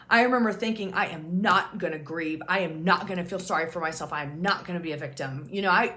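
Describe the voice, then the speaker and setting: A woman's voice: mid-range voice, sharp tone. A woman speaks straight to her viewers in an open, unguarded way, telling her own story as a peer support host. She talks casually and swears now and then, with small self-mocking laughs along the way. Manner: frank and casual, swears freely, laughs at herself. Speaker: OCD peer support specialist and channel host. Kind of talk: candid personal storytelling to camera.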